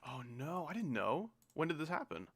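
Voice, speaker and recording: A man's voice: fairly high pitch, big pitch swings, normal speed, a bit bright. A young man rambles through a casual stream, dry and sarcastic. His talk drifts from greeting viewers to teasing slang he finds silly. He speaks close to a desk mic.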